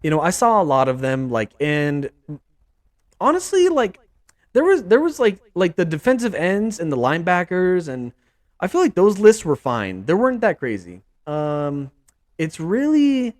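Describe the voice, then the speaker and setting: A young man hosting a casual sports podcast, ranting with lots of restarts and mock quotes. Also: measured pace. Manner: animated, repetitive, swings pitch up for mock quotes. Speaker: podcast host.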